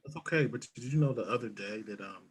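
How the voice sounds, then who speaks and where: A man's voice: lowish voice, fast talker, very noisy. A man co-hosting a casual podcast over a video call, joking and teasing and often repeating himself. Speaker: podcast co-host.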